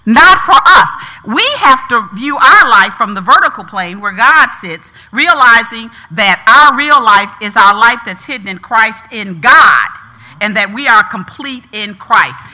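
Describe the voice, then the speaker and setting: Animated, bright-voiced woman preacher. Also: medium pitch, normal speed. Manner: call-and-response preaching, rising emphatic repeats. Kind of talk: sermon.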